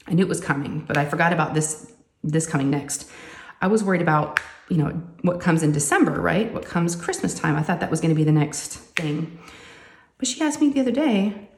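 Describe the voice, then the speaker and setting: A woman, chatting casually and telling animated family stories while she crafts at home. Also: sits low, a little fast, vocal fry, roomy sound. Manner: chatty, animated, says "y'all" often. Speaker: crafting vlogger and mother.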